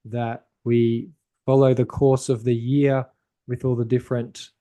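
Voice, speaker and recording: Mellow-voiced man musing in conversation. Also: mid-range voice, little pitch movement, unhurried. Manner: thoughtful, rambling with restarts. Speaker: podcast host. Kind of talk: casual conversation.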